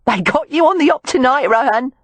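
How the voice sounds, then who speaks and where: A woman voicing a bawdy, cackling Cockney streetwalker who calls out loudly and teasingly. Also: high-pitched, animated, a little fast, no room sound, pitched above the performer's own voice. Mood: mocking. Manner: loud, brassy and teasing.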